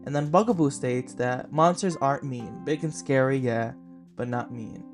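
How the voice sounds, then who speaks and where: With faint soft guitar music behind him, a podcast host in his 20s raves about a film he loves in a casual review. His talk is loose and gushing, full of "like" fillers, delivered at normal speed in a middle-pitched voice.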